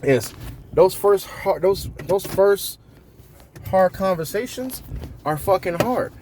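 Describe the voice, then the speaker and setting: A man's voice: high-pitched, lively intonation, slow pace, a little mellow, a little hiss or hum. A man vlogging in a casual, profane monologue with a blunt, joking manner. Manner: joking, blunt, swears a lot, slips into impressions. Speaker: vlogger giving workplace advice.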